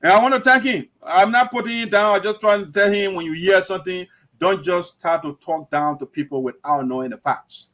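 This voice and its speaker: A man's voice: sits high, brisk, fairly bright tone. A man hosting an online talk show, lecturing emphatically in livestream commentary. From Liberia.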